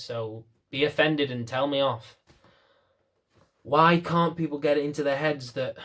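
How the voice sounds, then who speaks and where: A man's voice: medium pitch, fairly bright tone. Blunt, rambling man. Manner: blunt, rambling, self-mocking. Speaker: dog trainer. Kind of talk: casual talk to camera.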